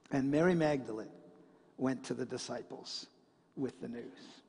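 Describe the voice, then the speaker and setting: A man preaching a sermon in a church, telling a story and swinging between loud passages and hushed ones. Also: mid-range voice, unhurried, husky, long reverb tail. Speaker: pastor. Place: church sanctuary.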